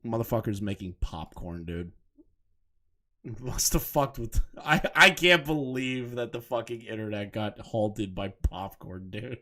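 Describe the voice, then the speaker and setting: A man's voice: fairly low pitch, animated, a little slow, sharp tone. A man doing casual live commentary on clips, talking in a heated, profane and mocking way. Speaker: commentary streamer.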